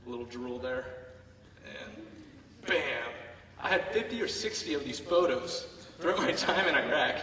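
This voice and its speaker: Bright-voiced man telling a comic story in a hall. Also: medium pitch, far from the mic, a little hiss or hum. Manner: playful, comic storytelling with acted-out asides. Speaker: military veteran telling his story on stage. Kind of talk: staged personal storytelling. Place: theater stage, heard from the audience.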